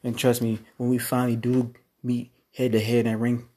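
A brooding wrestling villain, put on by a man taunts a challenger in a deep, dark voice. The delivery is boastful and threatening. The tone is mellow and husky. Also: monotone, a little fast, natural voice. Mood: menacing. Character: menacing male wrestler persona taunting a challenger.

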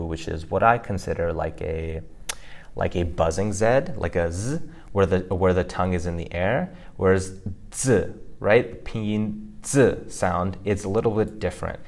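Male podcast co-host, very low voice, casual teacher who rambles with fillers. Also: creaky, a little mellow. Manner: chatty, loose with fillers like "like" and "you know".

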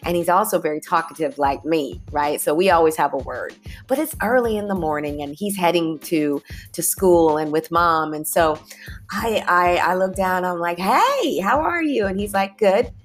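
A woman's voice: lowish voice, normal speed, faint music behind. A woman hosting a casual motivational talk, chatty and upbeat, who calls her listeners y'all and leads them through breathing. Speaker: podcast host.

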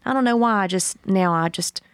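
A woman's voice: mid-range voice, a little fast, no room sound, studio quality. A woman co-hosting a podcast, telling a story in casual chat and acting out the quotes with laughter. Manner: animated storyteller, acts out quotes, laughs often. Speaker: podcast co-host.

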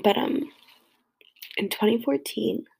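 A woman's voice: a little high, slow pace, creaky, mellow, slightly rough, whispered, poor audio. A young woman crying while reacting to a tribute, flustered and self-mocking, squealing in disgust. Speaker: vlogger.

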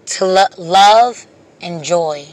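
A vlogger talking straight to viewers in an impassioned, casual monologue, repeating emphatic phrases like a sermon and trailing off softly at the ends of lines. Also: mid-range voice, extremely slow. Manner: repetitive, preachy, emphatic phrases.

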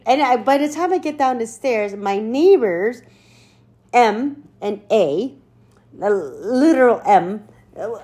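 A woman co-hosting a podcast, telling a funny story in casual chat, animated, laughing and cursing as she goes. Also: a little high, slow. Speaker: podcast co-host.

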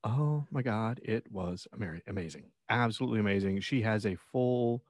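A man's voice: lowish voice, normal speed, no room sound, clean studio sound. A man co-hosting a podcast, chatting casually with frequent swearing and restarts. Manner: profane, rambling, lots of restarts. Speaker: podcast co-host. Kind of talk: casual chat.

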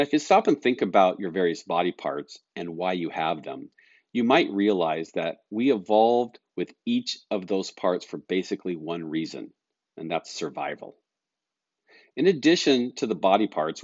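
A middle-aged man hosting a solo podcast as a life coach, explaining calmly and earnestly with everyday examples. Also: low-pitched, moderate pace, no room sound, dull audio.

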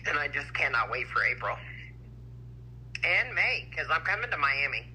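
A woman's voice: low-pitched, very animated, moderate pace, bright, forceful tone, slight background noise, rough recording. A woman calling in to a live stream, talking in an effusive, affectionate way. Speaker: caller. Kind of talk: casual call-in chat.

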